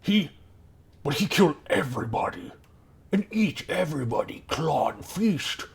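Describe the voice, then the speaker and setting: A man's voice: fairly high pitch, big pitch swings, normal speed, gravelly, husky, voice pushed up, full character voice. A man doing a snaggletoothed goblin guard. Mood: incredulous. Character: middle-aged male goblin guard, nasty snaggletooth.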